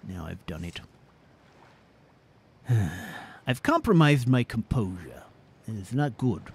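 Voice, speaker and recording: A man's voice: mid-range voice, sing-song, takes it slowly, slightly rough, heavily acted. A man voicing a fussy, bookish male adventurer who talks in prim, formal phrases and grumbles aside during gameplay. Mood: exasperated. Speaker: gameplay narrator voicing his character. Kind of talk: in-character gameplay commentary.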